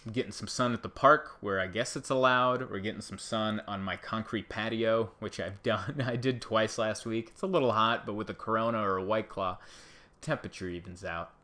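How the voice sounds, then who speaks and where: A man's voice: lowish voice, moderate pace, bright, forceful tone. A man who works as a stand-up comedian, talking to camera in a casual, sarcastic, rambling monologue.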